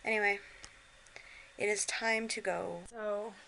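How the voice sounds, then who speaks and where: Lying in bed, this tired, sick-sounding middle-aged vlogger chats wearily to her handheld camera. She speaks slowly in a medium, steady pitch with vocal fry and a bright, forceful quality. The audio is poor, with a little hiss or hum.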